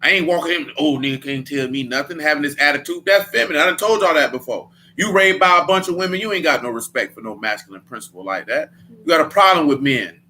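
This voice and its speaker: A man's voice: a little high, animated, fast talker, bright, forceful tone, a little hiss or hum. A man leading a Bible study in a casual preaching style, blunt and emphatic, with a lot of slang.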